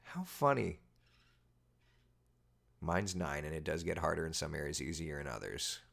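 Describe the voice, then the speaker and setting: Animated man in his thirties, casual chat. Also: extremely low pitch, moderate pace, vocal fry. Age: 30s. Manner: animated, exaggerated incredulous asides. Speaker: weather host. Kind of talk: casual livestream chat reading viewer comments.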